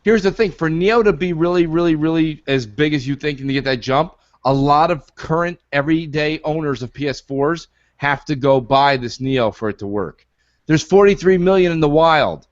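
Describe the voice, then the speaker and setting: Blunt podcast guy, higher voice, argues hard, lo-fi muffled sound. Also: normal speed, dry recording. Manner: blunt, argumentative. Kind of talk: casual gaming podcast chat.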